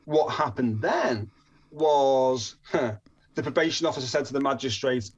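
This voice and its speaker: A man from northern England telling his story as a podcast guest, lively and acting out the people he quotes. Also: medium pitch, normal speed, highs cut off. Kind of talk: storytelling interview.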